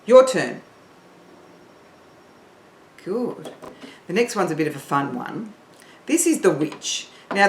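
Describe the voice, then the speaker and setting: A woman singing teacher leading an online warm-up, encouraging and counting in her learners. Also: mid-range voice, reverberant, slight background noise.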